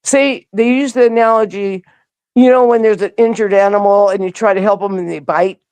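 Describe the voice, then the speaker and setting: A woman's voice: medium pitch, fairly even intonation, brisk, darkish tone, clear, resonant tone, dry recording. Woman guest, plain mid-range voice, close dry sound, rambling storyteller who acts out the quotes. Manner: acts out quoted dialogue with a rising voice; rambling, with frequent restarts. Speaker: interview guest. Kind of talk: conversational storytelling.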